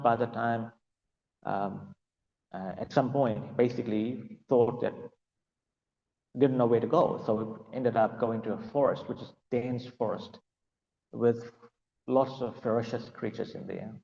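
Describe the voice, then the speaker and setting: A man's voice: medium pitch, steady tone, unhurried, vocal fry, a little mellow, roomy sound, long reverb tail, highs cut off. A man giving a devotional class and telling a story, hesitant and full of fillers. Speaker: class speaker.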